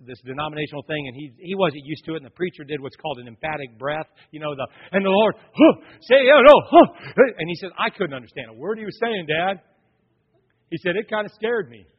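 A middle-aged male pastor preaching a sermon, swinging from loud declarations to hushed, near-whispered passages. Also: fairly high pitch, breathy edge. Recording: lo-fi church sound with long reverb.

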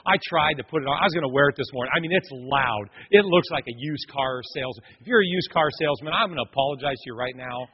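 A man preaching a sermon as a pastor, dramatic and animated, acting out quoted voices. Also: mid-range voice, fast talker, hardly any pauses, breathy edge. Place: church sanctuary. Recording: muffled, long hall reverb.

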